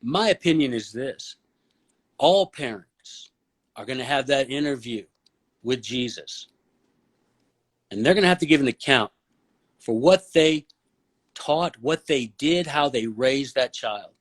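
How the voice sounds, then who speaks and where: A man speaking as a podcast guest, blunt and opinionated, with a preachy, forceful way of making his point. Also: mid-range voice, expressive, measured pace, long pauses, husky. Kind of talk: casual podcast conversation.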